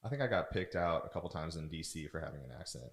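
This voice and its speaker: Deep-voiced man, casual chat. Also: expressive, fast, fairly bright tone, roomy sound. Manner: easygoing, teasing. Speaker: podcast co-host.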